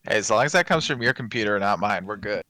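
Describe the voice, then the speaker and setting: Laughing man with a lively, bouncy voice. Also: lowish voice, quick pace, no echo. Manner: laughing often, playful. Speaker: podcast co-host. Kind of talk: casual comedic chat.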